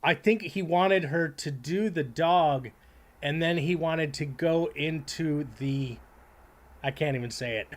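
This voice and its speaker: A man's voice: a little high, takes it slowly. A man streaming live, reacting to clips with rambling, profane commentary and reading chat aloud.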